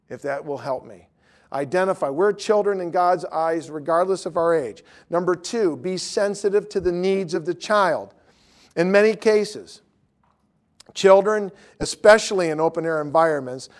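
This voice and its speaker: A man in his fifties teaching a class on evangelism, telling stories and pressing his listeners with emphatic questions. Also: high voice. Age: 50s. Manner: animated storytelling, rising to emphatic questions.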